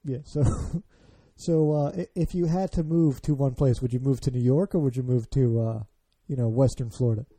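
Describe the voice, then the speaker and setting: An American man hosting a casual podcast chat, asking questions with lots of hesitant pauses. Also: medium pitch, fairly even intonation, mellow. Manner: hesitant, many fillers and restarts, asks questions. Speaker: podcast host.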